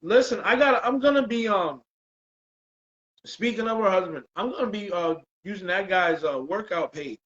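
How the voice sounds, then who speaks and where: Male host, casual, slightly high, dull lo-fi sound. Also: lively intonation, moderate pace, a bit bright. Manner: laid-back, says "bro" and "man" a lot. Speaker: podcast host. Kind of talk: casual chat.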